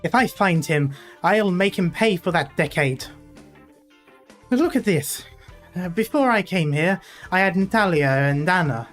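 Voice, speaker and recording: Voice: medium pitch, lively intonation, measured pace, faint music behind, natural voice. A streamer reading a game story aloud and voicing a shrewd, practical young woman in a put-on Russian accent. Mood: scheming.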